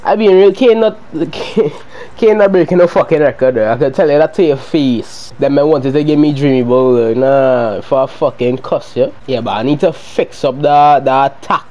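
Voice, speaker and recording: A young man giving heated, profane commentary while playing a football video game, often shouting at his players. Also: fairly high pitch, moderate pace, low-quality recording. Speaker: gaming video creator.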